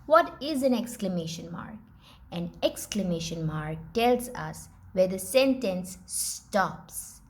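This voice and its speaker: A woman's voice: mid-range voice, darkish tone. A woman teacher, patiently explaining step by step how to teach a young child.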